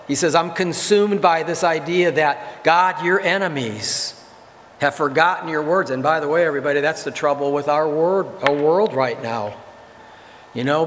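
Male pastor, fairly high voice, emphatic sermon delivery, church reverb. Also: a bit bright. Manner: emphatic, repeats key phrases, slows for scripture. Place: church sanctuary.

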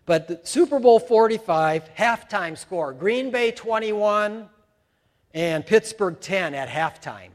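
A man preaching a sermon in a lively storytelling way, switching into quoted voices as he goes. His voice sits high for a man. A long reverb trails every phrase, as in a big hall. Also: slow pace. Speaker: pastor.

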